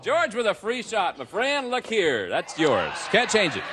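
A man hosting a TV game show, excitable and teasing, shouting out the results and joking with the contestants. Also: sits high, a little slow, very noisy. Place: TV studio with audience.

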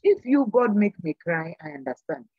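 A woman's voice: lowish voice, very animated, normal speed, phone-quality sound, noisy background. An older woman speaking as a guest on a church program, giving an earnest, sermon-like exhortation and repeating phrases for emphasis. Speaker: panel guest.

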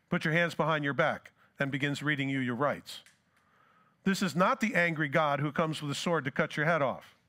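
A man's voice: a little high, fairly bright tone. A pastor preaching a sermon who asks his congregation rhetorical questions and acts out scripture dialogue.

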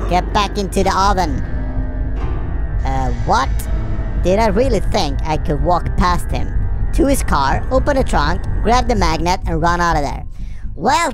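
A woman playing a video game and commenting, excitable and self-mocking, often yelling at the game. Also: fairly low pitch, creaky. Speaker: gameplay commentator.

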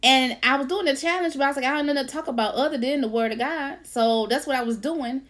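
A woman hosting a casual faith-based livestream, lively, laughing often and greeting viewers by name. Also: high voice, quick pace. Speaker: author and livestream host.

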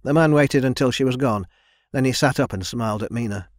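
In studio quality with no room sound, a mid-range male voice gives a scripted narration of a young adult fantasy audiobook. His reading stays even and measured.

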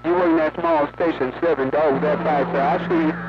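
A man's voice: a little high, steady tone, quick pace. A talkative man chatting on the air in a folksy, repetitive way, one radio operator to others. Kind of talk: casual on-air radio chat. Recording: dull lo-fi radio with loud static.

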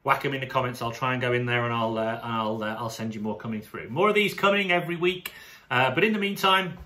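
A man with a British accent, a sports coach talking casually to camera in an animated, chatty way, often restarting his sentences. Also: mid-range voice, fast. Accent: British English. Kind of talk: casual vlog monologue to camera.

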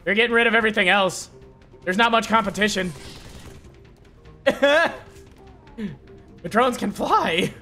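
Male streamer, high and bright tone, slow easygoing talk broken by excited shouts. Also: soft background music. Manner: excitable, swears often, shouts at enemies. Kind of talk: live gameplay commentary.

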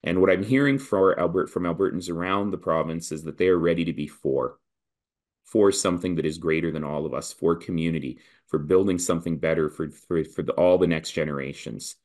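A man from Canada with a very deep, low voice speaks as a political candidate in a podcast interview. His delivery is animated and persuasive, building points through rhythmic repetition like a campaign speech. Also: a little fast.

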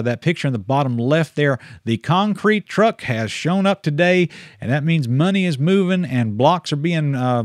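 A man's voice: on the high side, no echo, studio quality. A man hosting a casual missionary livestream, chatty and folksy, with frequent praise and easy laughter.

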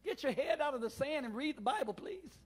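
Preacher guy, real high voice, goes from hollering to almost muttering in church. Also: lively intonation, a little fast. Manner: swings from shouting to near-murmur, preacher cadence. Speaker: pastor. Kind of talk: call-and-response sermon. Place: church sanctuary.

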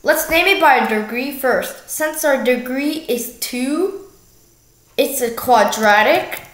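Recorded in a reverberant room, a young female math tutor with a high voice gives a casual math walkthrough. Her delivery is relaxed and slow, with self-corrections and jokes along the way.

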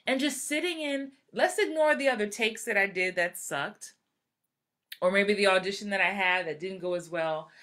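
Acting coach, woman, 40s, bright and animated, live talk. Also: medium pitch, normal speed. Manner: animated, acts out quoted voices. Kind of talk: live-streamed motivational talk.

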